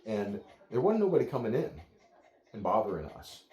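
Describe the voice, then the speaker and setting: A man with a deep, warm voice talks dog owners through their dog's behavior. His delivery is calm, steady and plain-spoken. The room around him echoes. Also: moderate pace. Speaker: dog trainer. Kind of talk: explaining to clients.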